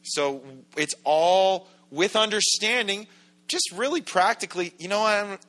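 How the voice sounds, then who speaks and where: A man's voice: sits high, animated, measured pace, a bit bright. A man preaching a sermon as pastor in a church, in a conversational, joking way that acts out quoted voices. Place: church sanctuary.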